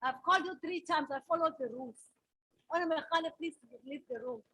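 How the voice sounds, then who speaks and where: A woman's voice: high voice, fast, pushed and bright, rough recording. A woman chairing a heated parliamentary debate, firmly calling members to order.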